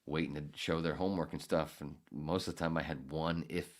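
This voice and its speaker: A man hosting his own podcast, telling a story in a casual, profane and sarcastic way, acting out loud outbursts. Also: rumbling low, steady tone, fairly quick. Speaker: podcast host.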